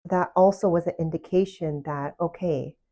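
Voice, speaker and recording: A woman with a low voice gives casual self-love coaching straight to the listener. She talks earnestly and keeps putting direct questions to the people she is addressing. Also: normal speed, warm tone. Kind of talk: casual motivational talk to camera.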